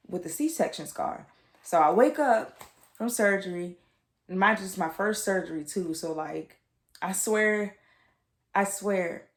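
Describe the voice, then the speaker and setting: Speaking to her viewers in an echoey room, this woman from the United States, in her twenties, has a lowish voice. She vlogs through a personal story with raw candor and emotion, repeating words, using lots of fillers, and growing tearful at times.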